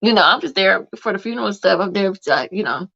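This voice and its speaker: A woman hosts a casual live podcast, her voice gravelly with vocal fry. She rambles through her stories, full of fillers. The sound is dull and lo-fi. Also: mid-range voice, animated, fast, fairly bright tone. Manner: rambling storyteller with many fillers. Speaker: podcast host.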